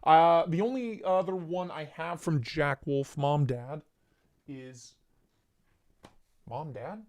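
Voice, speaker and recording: A man's voice: a little high, takes it slowly, a little mellow. Joking man hosting a gear livestream. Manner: joking, rambling, greets chat viewers by name. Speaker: livestream host reviewing knives and lights. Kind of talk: casual livestream chat.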